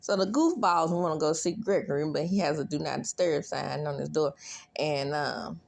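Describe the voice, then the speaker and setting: A woman recapping a TV episode in a chatty, animated way, laughing often and squealing when she quotes lines. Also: low voice, normal speed, gravelly. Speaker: recap vlogger.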